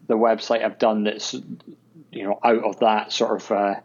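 A Scottish man, a web designer, chats as a guest on a casual podcast, hesitant and full of ums and uhs. His voice is fairly low and a little mellow with a breathy edge, delivered flatly at normal speed. The recording sounds muffled.

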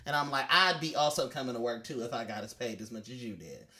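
A man's voice: medium pitch, fast, bright, forceful tone. A young man co-hosting a casual podcast, slangy and joking, then turning earnest. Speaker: podcast co-host.

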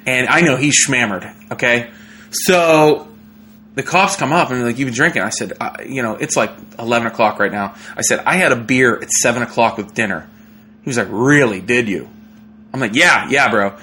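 A young man, a comedian, telling a story in a casual, animated way, with lots of fillers and laughter. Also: medium pitch, normal speed, slight background noise. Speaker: comedian guest.

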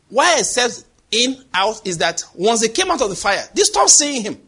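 A man preaching a sermon, animated and dramatic, acting out voices and sound effects. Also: very high voice, normal speed, few pauses, slightly rough.

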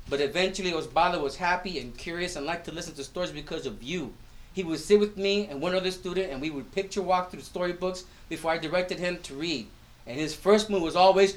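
A man with a notably high speaking voice reads his own prose aloud at a live event. He tells it expressively and slips Spanish phrases into the narration. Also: brisk. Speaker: teacher. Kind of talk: live literary reading.

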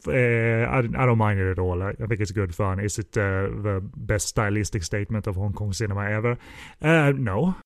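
A man co-hosting a casual film discussion, speaking haltingly with many "uh" fillers and dry, understated humor. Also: lowish voice, no echo. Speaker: podcast co-host, film reviewer.

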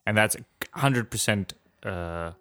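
A man's voice: on the low side, lively intonation, slow pace, pushed and bright, no room sound, clean studio sound. A man co-hosting a podcast, chatting casually and teasing the others. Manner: joking, teasing. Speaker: podcast co-host. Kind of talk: casual chat.

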